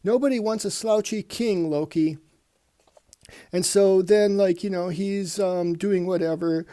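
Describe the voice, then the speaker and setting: A man's voice: high-pitched, a little slow, dark tone. A man hosting a casual comic book review show, rambling and reading panels aloud in put-on voices.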